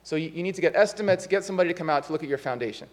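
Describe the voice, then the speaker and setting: A pastor putting on a jittery male pest inspector who stammers and then pleads, high and lively, in a long-ringing church hall. The voice stays close to the storyteller's own. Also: very fast, natural voice. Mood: nervous urging. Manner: hesitant, then urgently insistent.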